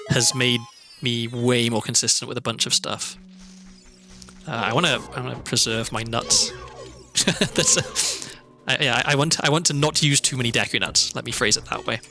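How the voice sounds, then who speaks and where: A man's voice: medium pitch, moderate pace. A man from Wales with a Welsh accent, streaming a video game and chatting casually, rambling into thoughtful asides. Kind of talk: casual gameplay commentary. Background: faint background music.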